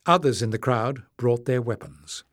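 A man narrating an audiobook in a measured, steady way. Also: medium pitch, dry recording, clean studio sound. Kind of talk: scripted narration.

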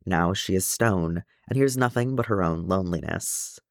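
A man reading aloud, voicing a stern, proud, guilt-ridden older male dwarf king in a measured, grave manner. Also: low-pitched, no echo, clean studio sound. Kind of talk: audiobook fan reading.

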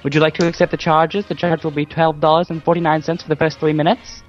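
A man's voice: fairly high pitch, level tone, quick pace, muffled recording, faint music behind. A man playing a phone operator in a prank, with mock-formal patter. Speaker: prank caller posing as operator.

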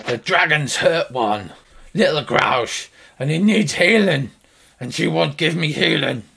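A man's voice: on the high side, lively intonation, measured pace, creaky, sharp tone, slightly rough, full character voice. A man voicing a huge, desperate manticore that threatens intruders to protect its kittens. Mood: pleading. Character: desperate hungry male manticore mother-figure, huge and wrathful.

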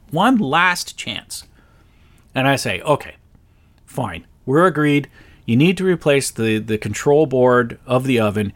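A man in a mid-range voice tells a long personal story as a podcast host. He sounds exasperated and animated throughout. His voice jumps up sharply when he quotes what he said. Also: mid-range voice, creaky. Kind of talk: casual storytelling monologue.

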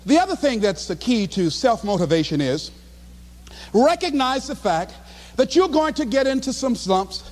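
A high-pitched, lively male voice urges the crowd on, a motivational speaker repeating his points with punch. He is recorded live in a big hall with long reverb and a faint hum behind. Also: normal speed. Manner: emphatic, repetitive, exhorting the audience.

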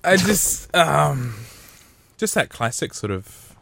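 A playful man chatting on a podcast, teasing his friends and breaking into giggles. His pitch leaps all over the place, from mid-range up high. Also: big pitch swings, takes it slowly, gravelly, fairly bright tone, no echo. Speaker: podcast co-host. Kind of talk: casual podcast chat.

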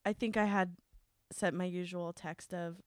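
A woman's voice: on the low side, steady tone, unhurried. A woman co-hosting a podcast in casual chat, chatty and playful, giggling often. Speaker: podcast co-host.

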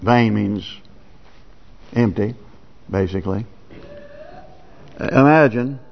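In a church sanctuary, a male pastor delivers a sermon in a plain, folksy, conversational style. His gravelly voice sits on the low side and moves slowly, and the lo-fi recording is dull with a long reverb.

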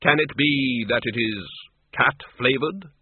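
A man voicing a tall, dark, menacing male customer who speaks in slow, flat, ominous phrases. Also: medium pitch, phone-quality sound, natural voice.

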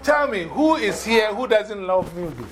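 A man's voice: high voice, very animated, normal speed, rough recording. African-accented man giving a motivational classroom talk. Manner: emphatic, repeats points and checks understanding with questions. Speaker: guest speaker to schoolchildren. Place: school classroom.

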